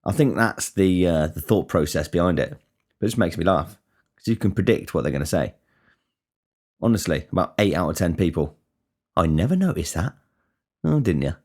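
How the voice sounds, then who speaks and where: A man's voice: deep voice, lively intonation, fairly quick, darkish tone. A man hosting a casual solo podcast, rambling and swearing with many restarts. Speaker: podcast host.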